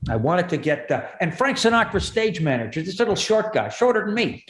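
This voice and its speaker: A man tells comic stories at a rapid clip, painting vivid pictures as he goes. His voice sits a little high. The room around him rings with a noticeable echo. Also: big pitch swings, a bit bright. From Canada. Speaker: guest comedian. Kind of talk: animated storytelling chat. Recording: echoey room.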